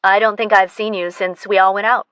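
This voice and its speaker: A woman's voice: mid-range voice, flat delivery, brisk, a bit bright, smooth, no room sound, natural voice. A woman voicing a blunt, brash young woman friend who teases freely, in an audiobook. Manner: brash, teasing.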